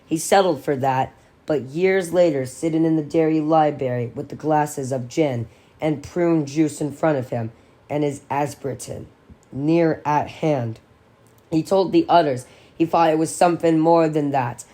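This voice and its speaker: A woman with a notably low voice reads a horror novel aloud. Her delivery is steady and expressive, like a careful audiobook reader. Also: a little slow. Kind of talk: dramatic reading of a novel.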